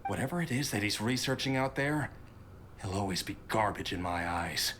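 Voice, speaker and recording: An actor playing a bitter, resentful son in a game who talks coldly and grudgingly. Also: male voice, on the low side, animated, normal speed, fairly bright tone. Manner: cold, grudging.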